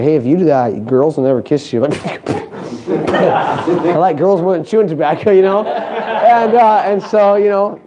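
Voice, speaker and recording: A man's voice: a little high, background noise. A man giving a live motivational talk on a conference stage, joking and asking the audience questions. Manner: animated, joking, asks the crowd questions. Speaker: motivational speaker.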